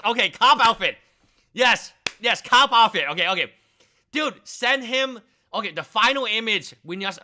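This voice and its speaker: A man hosting a casual live stream, talking in excitable, rambling, jokey bursts. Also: high voice.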